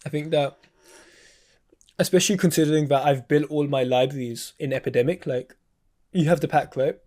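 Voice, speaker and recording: A man's voice: on the high side, fairly quick, mellow. A man mentoring in a casual chat, laid-back and slangy, calling the listener bro.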